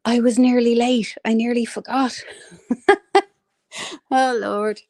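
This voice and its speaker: A woman's voice: fairly high pitch, steady tone, slow, darkish tone, no room sound, studio quality. An Irish woman hosting a casual live stream, rambling and greeting viewers by name with endearments. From Ireland. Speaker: livestream host.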